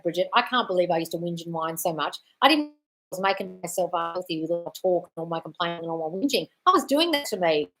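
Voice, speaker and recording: A woman's voice: fairly low pitch, lightly acted. A woman acting out an older mother who exclaims that she has given up complaining about her ailments. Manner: exclaiming, self-mocking.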